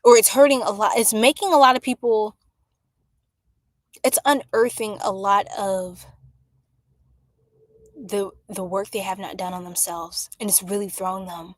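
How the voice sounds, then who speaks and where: A woman giving a casual live-stream astrology reading, chatty and exclamatory, with drawn-out fillers. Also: mid-range voice, no echo. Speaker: astrology tarot reader. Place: home room by a window.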